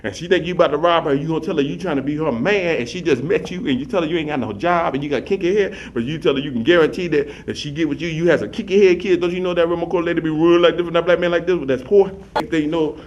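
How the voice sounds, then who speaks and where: A man telling rambling comic stories in a rapid, run-on, repetitive way, animatedly acting out the scenes. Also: fairly high pitch, highs cut off. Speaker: comic storyteller.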